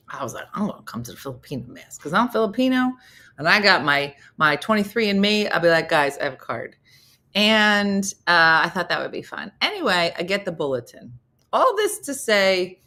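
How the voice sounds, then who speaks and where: A middle-aged woman hosts a casual comedy chat, spinning stories and slipping into sing-song voices for the quotes. Her voice sits a little low but swoops widely up and down. She keeps an easygoing, chatty flow. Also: bright, forceful tone. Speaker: comedian and morning show host.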